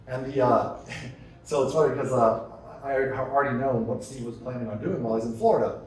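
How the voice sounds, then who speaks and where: A man's voice: medium pitch, a little fast. A man giving a live talk to an audience, telling stories and firing off rhetorical questions. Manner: energetic storytelling with rhetorical questions. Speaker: keynote speaker. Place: large conference hall. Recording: echoey hall, distant mic.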